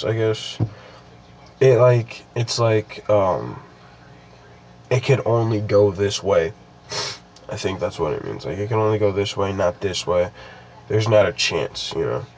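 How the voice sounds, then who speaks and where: A man's voice: sits low, unhurried, a little mellow, a little hiss or hum, low-quality recording. A young man casually reading a creepypasta aloud, stopping often to ramble and restart his sentences with lots of fillers. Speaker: creepypasta reader.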